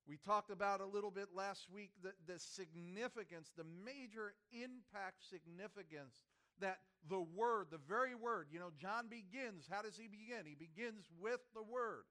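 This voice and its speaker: A man preaching a sermon, swinging between loud emphasis and hushed delivery, with rhetorical questions. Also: sits high, moderate pace.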